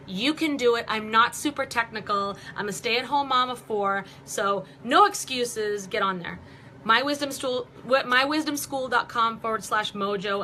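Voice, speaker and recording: Woman in her 40s, bright, slightly high voice, chatty and upbeat, live-stream coach from home, faint hiss behind. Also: rough recording. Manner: upbeat, chatty, jokey asides. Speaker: vlog host and online marketing coach. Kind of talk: casual live-stream tips talk.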